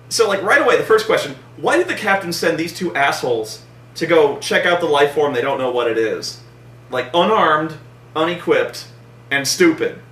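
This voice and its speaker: A loud, bright-voiced man tears into a movie with swearing and lively swings in pitch. He acts out scenes in silly voices. He sounds a little off mic in an echoey room. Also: distant mic. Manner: profane, animated, acts out scenes in mock voices. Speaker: movie reviewer. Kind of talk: casual comedic movie review chat.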